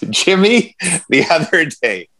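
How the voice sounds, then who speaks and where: A man's voice: fairly high pitch, sing-song, drawn-out words, a bit bright. A man co-hosting a podcast, telling rambling, self-mocking stories in casual chat. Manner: rambling, self-deprecating storyteller. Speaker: podcast co-host.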